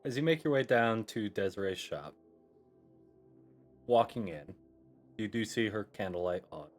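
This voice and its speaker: A man runs a tabletop game in a loose, casual way, cursing freely as he narrates. His pitch moves a lot. Faint music sits in the background. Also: expressive, a little slow. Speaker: game master.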